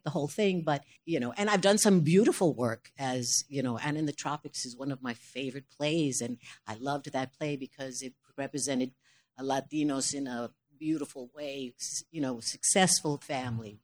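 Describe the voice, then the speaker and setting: An older woman, a stage actress, speaking as a panel guest before an audience, expressive and often laughing, restarting her sentences. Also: deep voice.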